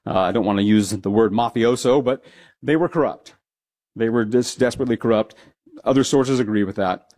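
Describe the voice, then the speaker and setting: A man's voice: mid-range voice, a little fast, darkish tone. A man, a pastor, teaching a Bible passage in a conversational sermon, with frequent asides and restarts. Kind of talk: expository sermon.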